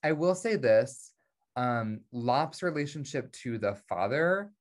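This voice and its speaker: A man's voice: mid-range voice, lively intonation, slow. A man co-hosting a casual review podcast, talking bluntly and swearing freely. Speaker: podcast co-host.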